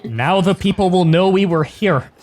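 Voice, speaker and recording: A woman's voice: lowish voice, moderate pace, darkish tone. A woman from Canada chatting casually on a gaming stream voice call, blunt and joking, swearing freely.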